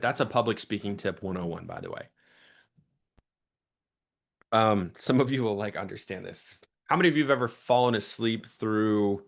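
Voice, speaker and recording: A young man coaching a sales team in an energetic teaching talk, shifting his pace and volume to stress points. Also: fairly low pitch. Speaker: sales trainer.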